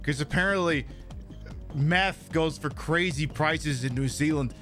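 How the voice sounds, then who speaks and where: A man's voice: on the high side, measured pace, fairly bright tone, soft background music. A man hosting a game stream, rambling and joking casually, swearing freely as he plays. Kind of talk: casual gameplay commentary.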